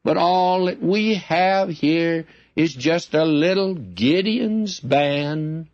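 Eager country church lady, put on by a man, high voice, dry dull lo-fi sound. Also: drawn-out words, a little mellow, no room sound. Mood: gushing. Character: warm eager woman of a small country church. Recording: dull lo-fi recording.

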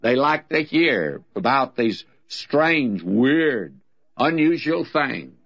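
A man's voice: takes it slowly, no echo. An older man with a Southern American accent, teaching the Bible on the radio in a folksy, emphatic way. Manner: folksy, emphatic with lively swings of pitch. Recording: dull lo-fi old radio recording.

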